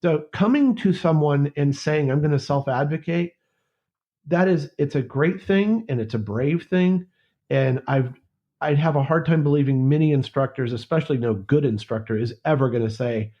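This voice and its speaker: A man's voice: a little high, normal speed, dull audio. A man, a university lecturer, speaks as a guest in a conversational podcast interview, thoughtful and often restarting words.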